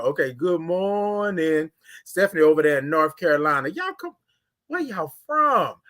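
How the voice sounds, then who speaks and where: High-voiced animated male livestream host. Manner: animated, greets viewers by name, drawn-out sung greetings. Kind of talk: casual morning livestream chat.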